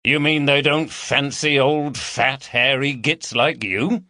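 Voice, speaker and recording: A man voicing a wry, low-key young male detective of about thirty. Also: fairly even intonation, slow pace, bright, forceful tone, no echo.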